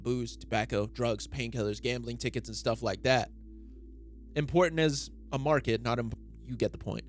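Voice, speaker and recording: A man voicing a gruff male black-market shopkeeper, reading manga dialogue aloud in a lower, quieter tone. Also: fairly even intonation, moderate pace, faint music behind, lightly acted. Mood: blunt.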